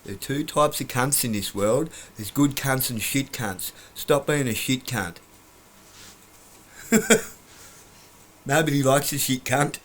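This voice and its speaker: A man's voice: mid-range voice, slow, pauses often. A man talking in a blunt, profane, rambling monologue from his couch at home, breaking into laughs now and then. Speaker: vlogger.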